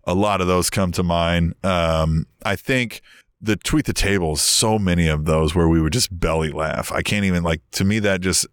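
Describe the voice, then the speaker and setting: A man co-hosting a podcast, telling old stories in a rambling, casual way and getting animated when he quotes people. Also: deep voice, normal speed, clean tone, dry recording, studio quality. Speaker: podcast co-host. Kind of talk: casual storytelling chat. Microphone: video call.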